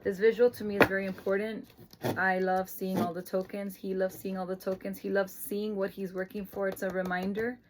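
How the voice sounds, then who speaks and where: A woman's voice: medium pitch, fairly quick, a little hiss or hum. A middle-aged woman, a mother, explaining her parenting routine in an earnest, emotional, casual vlog way. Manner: emotional, earnest, lapses into excited praise voice. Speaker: mother of an autistic son.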